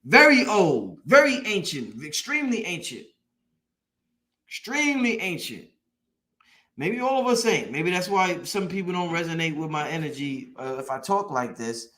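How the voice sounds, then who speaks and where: A man with a high-pitched voice preaches to his online audience in a loose, emphatic way. He drives points home by repeating them and swears freely as he goes. It sounds like a motivational talk on a late-night live stream. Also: big pitch swings, normal speed, few pauses, bright, forceful tone.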